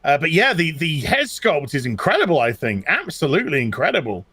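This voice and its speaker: A man co-hosting a casual chat who talks haltingly, repeating himself with lots of fillers. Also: fairly high pitch, wildly swooping pitch, bright, forceful tone, husky, no room sound. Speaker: co-host. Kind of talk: casual chat reviewing collectible figures.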